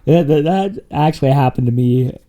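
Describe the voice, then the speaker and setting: A man's voice: on the high side, normal speed, dark tone. A man telling his life story as an interview guest, rambling and laughing often, with many fillers and restarts. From Wyoming and Montana, USA. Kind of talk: casual conversational storytelling.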